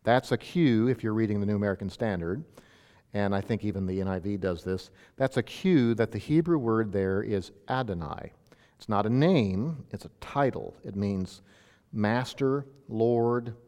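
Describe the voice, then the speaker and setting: A man's voice: lowish voice, moderate pace, mellow, in a large hall. A male pastor teaching an expository sermon in a teacherly way, with emphatic bursts on key points.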